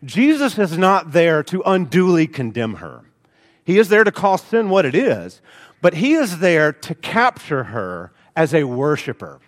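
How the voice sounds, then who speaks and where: A man's voice: fairly high pitch, very animated, a little slow, long reverb tail. A man with an Alabama accent preaching a sermon in church, earnest and full of rhetorical questions, with folksy asides. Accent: Alabama Southern. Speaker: pastor. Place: church sanctuary.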